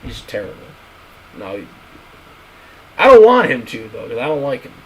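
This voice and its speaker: A man's voice: mid-range voice, wildly swooping pitch, moderate pace, husky, rough recording. A man streaming, ranting bluntly and crudely in a casual, repetitive way.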